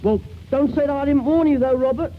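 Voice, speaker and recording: A man's voice: extremely high pitch, fast talker. A man playing a scheming, boastful young schoolboy with eager, slangy speech in an old radio play. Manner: eager, plucky and full of boyish slang. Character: scruffy, boastful schoolboy, eleven-ish, always scheming. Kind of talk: 1940s radio acting. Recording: muffled old radio recording with faint hiss.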